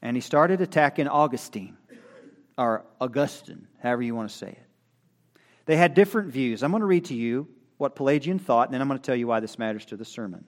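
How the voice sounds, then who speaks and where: Reading from notes, this fast-talking, expressive preacher alternates booming declarations with hushed, low remarks. His sermon has a homespun, chatty feel.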